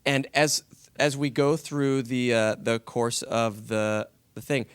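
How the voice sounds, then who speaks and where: Man, 30s, voice actor on a panel, animated storyteller, smooth and resonant, dry close sound. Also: mid-range voice, slow, no room sound. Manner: animated anecdote, acting out quoted lines.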